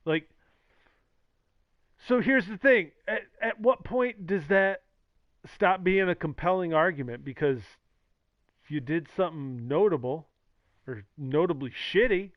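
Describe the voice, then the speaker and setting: A man's voice: high voice, expressive, unhurried, long pauses, no echo. A man streaming, rambling casually with sarcastic jokes and acted-out quotes. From the Valley. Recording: dull lo-fi mic, dry.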